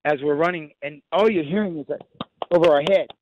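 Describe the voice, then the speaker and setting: A man's voice: fairly high pitch, dry recording. Young man telling it over a dull phone line. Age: young adult. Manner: halting, many restarts, vivid retelling. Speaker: phone-in guest. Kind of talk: emotional first-hand account. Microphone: phone call.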